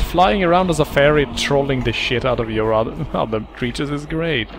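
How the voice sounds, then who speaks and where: A man's voice: medium pitch, creaky. A man giving casual, joking commentary while playing a game, cursing at his minions. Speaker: let's play host.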